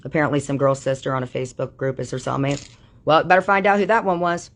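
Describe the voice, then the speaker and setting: A woman's voice: extremely low pitch, steady tone, quick pace. A woman on a livestream delivering an angry, profanity-laden rant that calls people out. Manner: furious, swearing constantly, calling people out.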